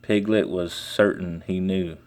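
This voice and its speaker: A man reading a children's storybook aloud in a slow, deliberate way. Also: deep voice, fairly even intonation, darkish tone. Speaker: storybook reader. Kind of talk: children's book read aloud.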